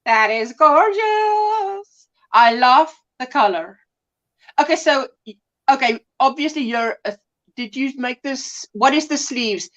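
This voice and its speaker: A woman's voice: measured pace, muffled recording. A South African woman hosting a casual crochet livestream, chatty and gushing as she greets viewers. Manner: chatty, gushing, lively swings in pitch. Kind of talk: casual live chat.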